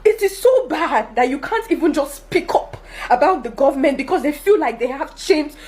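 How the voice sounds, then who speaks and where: A woman's voice: sits high, expressive, moderate pace, darkish tone. A young Nigerian woman with a Nigerian accent, complaining to her followers in a vlog and pressing one question after another, laughing in disbelief. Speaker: vlogger. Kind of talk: direct-to-camera complaint video.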